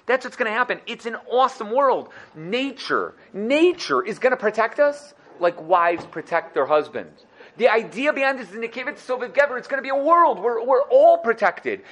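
A man teaching a lively Torah lesson, animated and acting out little scenes. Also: extremely high pitch, normal speed. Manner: animated, acts out dialogue.

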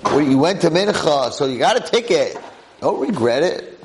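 A man teaching a lively Torah class to a live audience as a rabbi, telling the story with energy and firing off rhetorical questions. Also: on the high side, moderate pace, slight background noise, low-quality recording.

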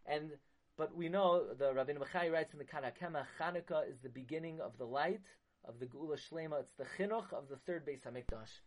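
Man, rabbi, sermon, high-pitched voice, impassioned, Hebrew terms in English. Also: brisk, a little hiss or hum. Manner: impassioned, rising to loud emphasis on key words.

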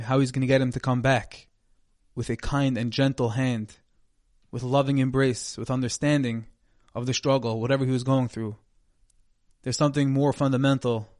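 An earnest man delivering a sermon as a dramatic story, his voice middle in pitch. The sound is dry and close, with no room around it. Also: a little mellow, dry recording. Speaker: speaker giving a Torah talk.

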